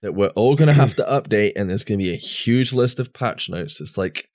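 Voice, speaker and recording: A man co-hosting a gaming podcast in a loose, rambling chat. His voice sits on the low side. The sound is close and dry, with no room around it. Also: lively intonation, fairly quick, a little mellow, dry recording. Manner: rambling, restarts, filler words. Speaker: podcast co-host. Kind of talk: casual chat over drinks.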